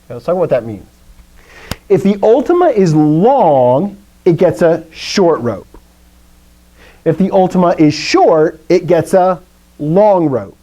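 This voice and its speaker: A man's voice: a little high, big pitch swings, unhurried, pauses often, warm tone, rough recording. A man teaching a Greek class, explaining rules playfully and asking his students questions. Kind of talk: live classroom lesson.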